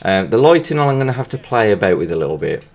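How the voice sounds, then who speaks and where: A man's voice: lowish voice, sing-song, quick pace. A man, stuffy-nosed from hay fever, giving rambling, hesitant casual commentary while playing a football video game. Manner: rambling and hesitant, full of restarts. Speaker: gaming video creator.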